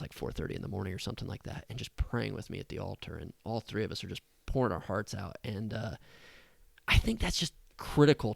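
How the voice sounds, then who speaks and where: A man's voice: lowish voice, creaky, dry recording. A man who is an associate pastor, a guest on a podcast, earnestly sharing a personal story in conversation. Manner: earnest, heartfelt, speaks openly about emotion.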